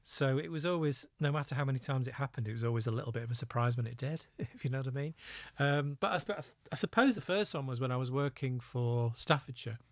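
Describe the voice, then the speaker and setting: A middle-aged man tells his story in a lively, anecdotal way, often laughing at himself. His voice sits at an ordinary pitch. The sound is dry and close, with no room echo. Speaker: guest, former undercover police officer. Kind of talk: storytelling in a podcast interview.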